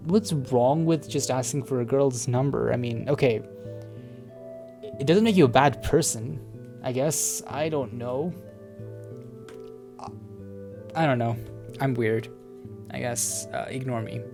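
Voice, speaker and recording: A man's voice: mid-range voice, measured pace, long pauses, warm tone, faint music behind. A man reading a visual novel aloud, breaking off into flustered, jokey, stammering commentary. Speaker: gaming video creator.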